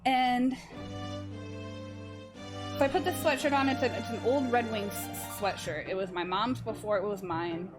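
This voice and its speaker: A woman's voice: fairly high pitch, moderate pace, pauses often. A woman in her early twenties, a streamer rambling through a story to her chat and swearing freely as she goes. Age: early 20s. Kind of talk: casual live-stream chat. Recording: voice over loud background music. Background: music playing under the talk.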